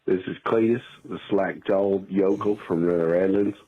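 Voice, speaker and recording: A man on a voicemail voicing a dim, drawling country yokel with a husky voice. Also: deep voice, fairly even intonation, moderate pace. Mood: goofy. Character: slack-jawed male country yokel. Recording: muffled phone voicemail.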